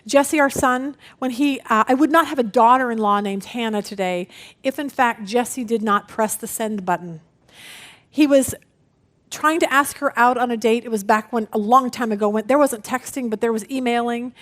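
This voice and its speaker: A middle-aged woman teaching a women's Bible study, telling family stories with expressive, acted-out voices. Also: fairly high pitch, normal speed.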